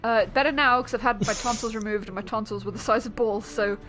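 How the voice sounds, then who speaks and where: A young woman streamer chatting casually while gaming, animated and giggly, swearing freely. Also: a little high, fast talker, soft background music.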